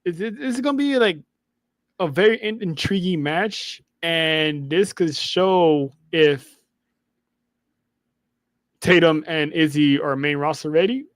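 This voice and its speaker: A man's voice: fairly high pitch, normal speed, pauses often, no echo, studio quality. A man co-hosting a podcast, recapping wrestling in casual chat and acting out what people said. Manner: animated storytelling, acts out quotes, laughs often. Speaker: podcast co-host.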